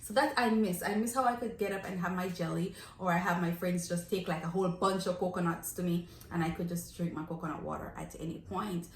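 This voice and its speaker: A woman's voice: on the low side, fairly even intonation, fairly quick, hardly any pauses. A young woman from Jamaica with a Jamaican accent, chatting animatedly on a vlog and laughing as she reminisces. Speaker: vlogger. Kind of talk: casual chat. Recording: echoey room, faint noise.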